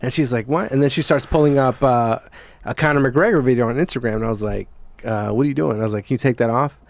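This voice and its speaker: Rambling podcast host, dry sound. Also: male voice, mid-range voice, fast talker, gravelly, dry recording. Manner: rambling, profane storytelling. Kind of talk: casual chat.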